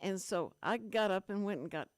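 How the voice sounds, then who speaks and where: A woman's voice: medium pitch, lively intonation, normal speed, no echo, clean studio sound. An older woman, hosting a radio show and telling a long, rambling, self-deprecating story in casual chat.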